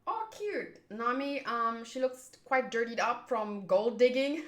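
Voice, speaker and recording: A woman's voice: fairly high pitch, lively intonation, a little slow. A woman hosting a manga readthrough, chatting and musing aloud as she reads. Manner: chatty, laughs and muses aloud. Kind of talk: casual reading and chat. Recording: roomy echo.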